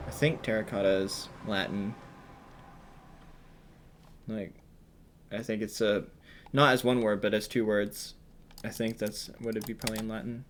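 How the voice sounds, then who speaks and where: A man giving casual gameplay commentary, thinking aloud with lots of ums and sudden excited bursts when an idea strikes. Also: fairly low pitch, normal speed, long pauses, slight background noise.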